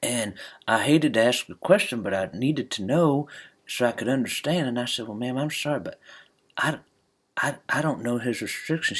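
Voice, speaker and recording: A man's voice: mid-range voice, slightly rough. An older man, telling a comic story in a folksy, drawling way and laughing at his own jokes. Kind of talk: folksy comedic monologue.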